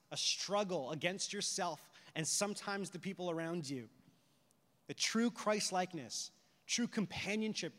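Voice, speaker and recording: A preacher man with a high, bright voice, delivering a sermon. He tells animated stories and fires off rhetorical questions. A long reverb fills the hall around him. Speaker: pastor.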